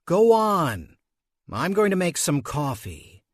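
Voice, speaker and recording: A man voicing a short-tempered young mother who snaps and grumbles, her voice raised and pitched up. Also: very animated, takes it slowly, dry recording, studio quality, exaggerated voice. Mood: irritated. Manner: harsh, snappish, grumbling.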